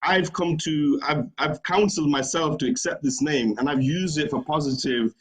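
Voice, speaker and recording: A man's voice: on the high side, normal speed, rough recording. A middle-aged man from the United Kingdom, a studio guest telling a rambling story and laughing easily. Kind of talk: casual studio chat.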